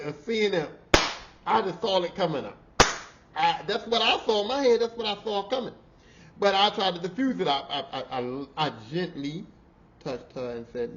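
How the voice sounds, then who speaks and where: A man hosting a podcast, telling a work story in a casual, animated, profane way and often repeating himself. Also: high-pitched, normal speed, highs cut off, a little hiss or hum. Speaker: podcast host.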